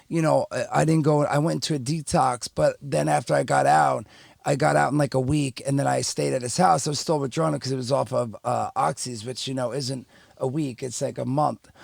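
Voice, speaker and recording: Gravelly guy rambling through a story on a podcast, lots of ums and likes, dry close mic. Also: a little high, a little mellow, no echo. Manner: rambling, candid, lots of fillers and restarts. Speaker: podcast guest. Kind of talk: casual storytelling.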